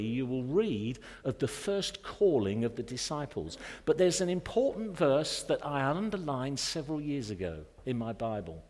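A male pastor delivers a sermon in an earnest, direct manner and often poses rhetorical questions. His voice sits a little high for a man. The sound carries a long reverb from a large church hall. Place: church sanctuary.

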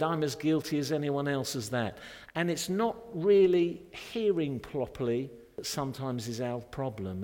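A male pastor delivers a sermon in an earnest, direct manner and often poses rhetorical questions. His voice sits a little high for a man. The sound carries a long reverb from a large church hall. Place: church sanctuary.

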